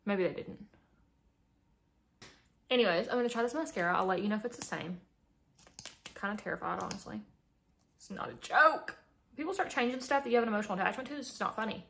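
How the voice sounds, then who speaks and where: A woman's voice: medium pitch, fairly quick, long pauses. A young adult woman doing a casual makeup vlog, chatty and dramatic with playful exaggeration, talking close to the camera at home. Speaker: beauty vlogger.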